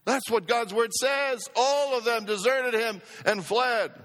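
A male pastor with a high voice preaches at an unhurried pace, leaning on repeated phrases and calling for his congregation to answer back. His sermon rings with the long reverb of a church hall. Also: fairly bright tone. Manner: emphatic, repeats phrases for effect, calls for congregation response. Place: church sanctuary.

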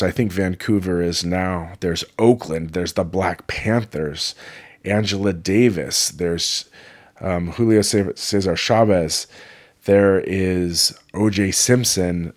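Man, from California, low-pitched, rambling, enthusiastic, casual vlog. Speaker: vlogger.

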